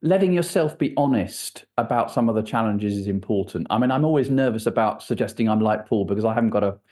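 Male guest, warm dark tone, musing and circling back on his thoughts. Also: lowish voice, animated, quick pace. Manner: thoughtful, rambling, restarts often. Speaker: author and church leader, guest. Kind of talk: conversational interview answers.

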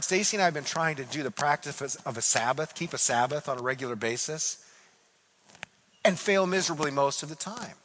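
A man preaching a sermon as pastor, animated, repeating phrases for emphasis. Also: on the high side, long reverb tail, a little hiss or hum, poor audio.

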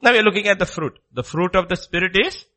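A man preaching a sermon, jumping from loud exclamations to hushed low asides, acting out questions and answers and checking in with "okay?". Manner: acts out dialogue with rapid questions and answers; repeats phrases, frequent "okay?" checks.

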